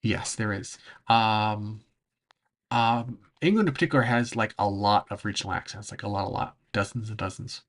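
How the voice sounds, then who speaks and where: A man chatting casually on a livestream, answering chat, rambling and often pausing to search for words, with frequent laughs. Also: lowish voice. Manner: laughs between phrases. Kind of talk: casual livestream chat over travel footage.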